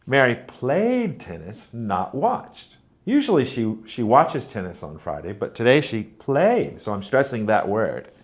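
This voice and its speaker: A man teaching a pronunciation lesson, speaking deliberately and modeling words and sentences aloud to show stress. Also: lowish voice, wildly swooping pitch. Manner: slow, deliberate, demonstrating stress patterns aloud. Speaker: teacher trainer.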